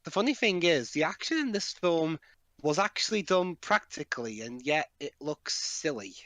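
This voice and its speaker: A man's voice: a little high, big pitch swings, normal speed, fairly bright tone, no room sound. Wry British man cutting in on the movie. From Britain. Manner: wry, interjecting, complains about the film. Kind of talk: casual movie commentary.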